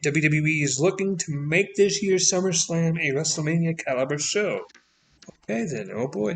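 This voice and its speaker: A man with a Canadian accent hosting a casual podcast, reading news items aloud with blunt, sweary, sarcastic asides. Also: on the high side. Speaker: podcast host.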